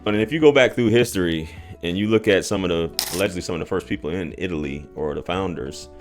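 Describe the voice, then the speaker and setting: A very deep-voiced man hosts a casual commentary on clips, thinking aloud and tossing in asides. Faint music plays softly behind him. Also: quick pace. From United States. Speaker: host commentator.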